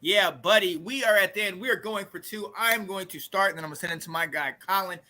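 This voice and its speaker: A man hosting a casual sports podcast, hyped and slangy, with loud bursts of catchphrases. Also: high-pitched, fast, heavy background noise. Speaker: podcast host.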